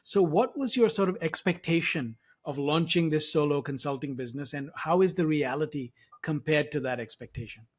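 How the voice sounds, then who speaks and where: A male podcast host speaks in a fairly high voice. He responds to his guest with encouragement, sums up her point in his own reflections, then moves on with an open question. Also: normal speed, hardly any pauses. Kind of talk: conversational interview.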